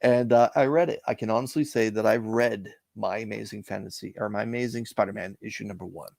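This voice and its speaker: Man, middle-aged, from Canada, gravelly voice, dry close sound, reflective storytelling. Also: lowish voice, fairly even intonation, a little mellow, no echo. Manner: measured, reflective storytelling with frequent "uh" pauses. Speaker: interview guest, comic collector. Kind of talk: casual storytelling interview.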